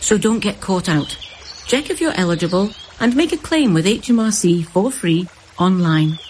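A woman's voice: medium pitch, lively intonation, moderate pace, darkish tone, a little hiss or hum. A woman reading a scripted public advert in a warning, persuasive tone. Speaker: advert voice-over.

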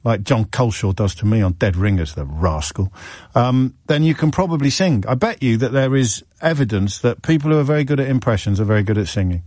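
A man's voice: medium pitch, animated, fairly quick, darkish tone, no room sound. A man hosts a radio phone-in from a dry, close studio mic. He talks in loose, rambling asides and teases himself and his team as he goes. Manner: rambling, teasing, self-mocking asides. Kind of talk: casual radio chat. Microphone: studio microphone.

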